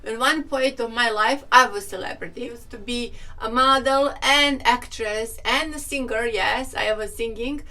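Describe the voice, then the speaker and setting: Chatty woman with a bright voice. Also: on the high side, normal speed, hardly any pauses, distant mic. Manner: chatty, laughs often, acts out quoted people. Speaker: vlogger, hair and wig specialist. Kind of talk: casual storytelling to camera.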